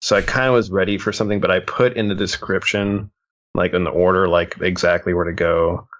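A man's voice: deep voice, flat delivery, brisk. A man co-hosting a podcast who tells a loose, meandering story and swears casually. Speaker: podcast co-host. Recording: dull lo-fi podcast audio.

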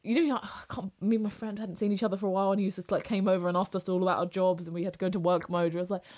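A young woman, chatting casually and telling animated stories full of fillers. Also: lowish voice, very fast. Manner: animated storytelling, many "like" fillers. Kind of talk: casual chat.

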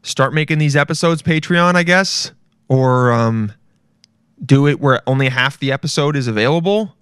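A man's voice: mid-range voice, moderate pace, fairly bright tone, clear, resonant tone, no echo, clean studio sound. A man in his twenties hosting a casual solo podcast, rambling and swearing with self-mocking asides into a podcast mic. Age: 20s. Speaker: podcast host.

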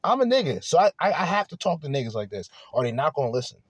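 A man's voice: fairly high pitch, very animated, quick pace, breathy edge, no echo, studio quality. Blunt, profane man ranting casually. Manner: blunt, profane, rambling with restarts. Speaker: podcast host. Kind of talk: casual monologue.

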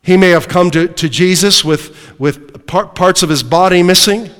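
A male preacher with a high-pitched voice delivers an emphatic sermon, pressing points home and asking the congregation questions. His voice rings out with a long reverb, as if from a church sanctuary. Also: moderate pace, fairly bright tone, smooth.

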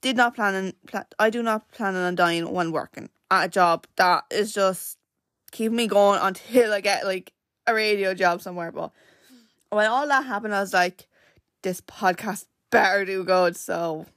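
A woman's voice: medium pitch, moderate pace, a bit bright, no room sound, studio quality. A young Irish woman hosting her own podcast, rambling through a story with lots of "like" and self-corrections. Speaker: podcast host. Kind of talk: casual chatty storytelling.

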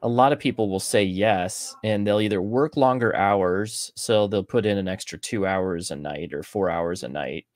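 A man with a low voice works through an idea out loud, restarting sentences as he goes. He sounds like a podcast co-host explaining a point. The sound is dry and close. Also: no echo. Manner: explanatory, thinks aloud with restarts. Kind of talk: casual book discussion.

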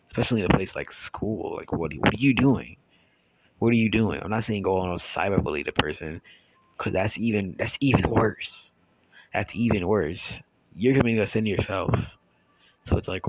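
A man talking straight to his channel's viewers in a casual monologue, rambling and halting with many restarts and trailing asides. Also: deep voice, a little hiss or hum, poor audio. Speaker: YouTuber.

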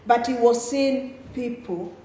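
A woman preaching a sermon in a church, asking rhetorical questions with emphatic rises and soft trailing endings. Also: on the high side, slow. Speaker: guest preacher. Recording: very echoey church hall.

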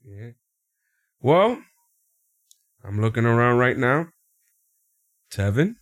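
A podcast co-host recaps a wrestling show in casual chat, animated and laughing often as he acts out quotes in high voices. His delivery is slow, and the recording is dry and studio quality.

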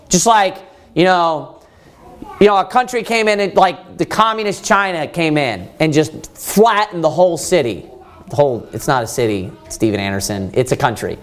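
A man preaching a Bible teaching sermon, pressing his point with emphatic rhetorical questions and frequent fillers. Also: sits high.

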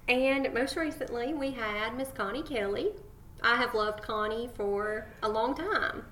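A woman's voice: on the high side, a little slow, slight background noise. Earnest woman co-hosting in an echoey room. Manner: earnest, affectionate, warm praise of guests. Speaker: podcast co-host. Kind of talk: casual faith podcast chat.

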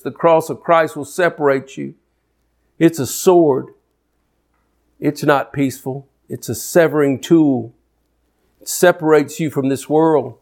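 A man preaching a sermon, his voice sitting a little high for a man. He delivers emphatic declarations, then drops into low, intense asides to drive a point home. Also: darkish tone.

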